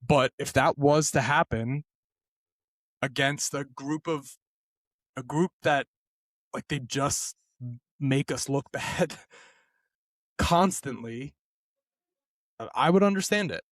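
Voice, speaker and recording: Man, podcast host, measured, thoughtful, filler words, mid pitch, dry recording. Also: dry recording. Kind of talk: casual podcast chat.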